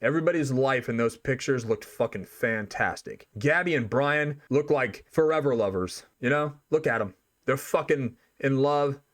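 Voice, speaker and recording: A man's voice: mid-range voice, normal speed. Blunt, swearing male podcast host. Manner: blunt, heavy swearing, argumentative. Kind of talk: opinionated podcast monologue.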